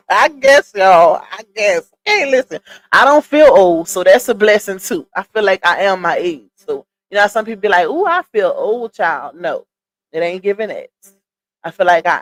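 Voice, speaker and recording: A woman in her thirties from the US South, hosting a live stream in a chatty, casual way, greeting viewers by name and reading their comments aloud. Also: mid-range voice. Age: 30s. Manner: laughs often, Southern slang like "child" and "y'all".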